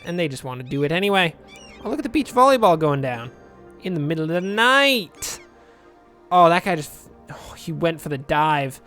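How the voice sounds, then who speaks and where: In very animated fashion, a let's play commentator offers rambling, casual talk over a city-building game, joking dryly about himself. His voice is high and a bit bright, moving at a moderate pace over soft background music.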